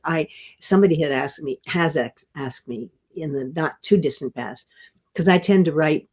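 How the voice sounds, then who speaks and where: An older actress telling stories in an interview, gentle and self-deprecating, often restarting and laughing softly. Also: female voice, deep voice. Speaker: guest actress. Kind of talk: casual interview storytelling.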